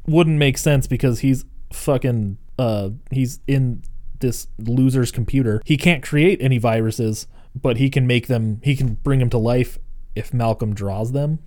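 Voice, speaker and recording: A man's voice: mid-range voice, measured pace, darkish tone. A man co-hosting a casual podcast, recapping a show in a loose, profane way and laughing often. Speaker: podcast co-host.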